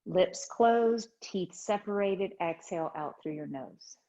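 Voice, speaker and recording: Woman yoga teacher, chair yoga class, slow soothing guidance, lowish voice, dull lo-fi sound. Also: expressive, warm tone. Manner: slow, soothing guided instructions. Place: home studio livestream.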